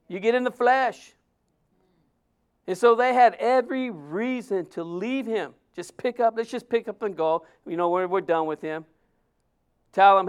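A man's voice: high voice, smooth. A man preaching a sermon as a pastor, conversational and emphatic, often acting out quotes.

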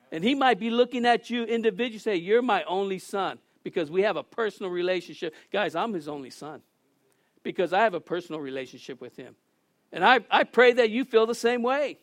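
High-voiced man preaching a fervent sermon. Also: no echo, studio quality. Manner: preaching with rising emphasis, shouting at peaks. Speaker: pastor.

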